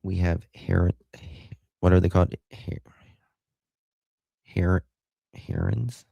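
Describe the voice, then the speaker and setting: The audio has no echo but the highs are cut off, carrying a low, gravelly, mellow voice that moves slowly and steadily. It's an American man hosting a livestream, reading comments in a casual, affectionate way, thanking viewers by name and laughing often.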